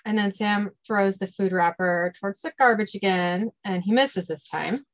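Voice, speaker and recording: A woman hosting a podcast, chatty and quick to laugh, recapping a TV episode. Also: medium pitch, no room sound. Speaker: podcast host.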